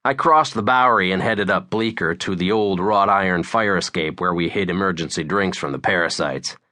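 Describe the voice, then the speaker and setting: A man's voice: low-pitched, moderate pace, sharp tone, dry recording, clean studio sound. A man narrating a novel in the first person with a wry, sardonic delivery. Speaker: audiobook narrator.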